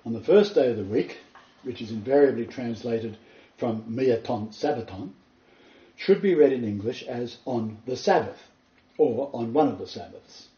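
A man giving an earnest, emphatic Bible teaching, telling a story and building to excited points. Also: mid-range voice, moderate pace. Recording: roomy, far from the mic, dull lo-fi.

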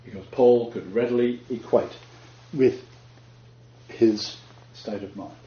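A man's voice: medium pitch, steady tone, slow, dark tone. A man giving a chatty Bible lecture, joking and laughing at his own asides. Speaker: Bible teacher. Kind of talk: lecture-style Bible teaching. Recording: dull echoey room recording.

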